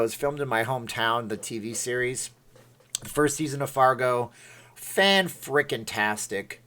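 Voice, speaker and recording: A man's voice: mid-range voice, fairly bright tone. A middle-aged man chatting casually on a livestream, playful and rambling, reading comments and laughing at himself. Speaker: livestream host.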